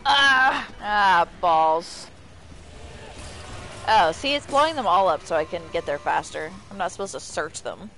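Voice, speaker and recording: A woman streaming live gameplay commentary, swearing freely and yelling at the game. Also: fairly low pitch, animated, measured pace, slight background noise. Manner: profane, exclaiming, talks to the game.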